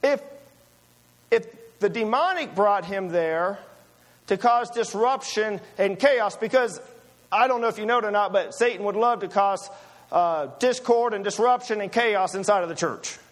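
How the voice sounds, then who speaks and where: A man's voice: sits high, measured pace. A man preaching a sermon, emphatic and full of rhetorical questions to his listeners.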